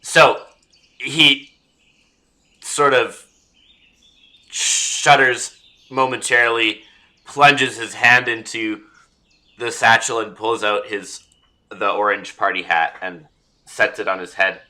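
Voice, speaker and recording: A man player in a tabletop role-play game, slowly describing what his character does. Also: fairly low pitch, steady tone, sharp tone.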